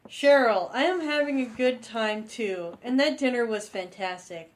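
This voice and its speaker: A man voicing a stiff, overly formal young woman in a high falsetto during a comedic reading. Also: a little slow. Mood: stilted.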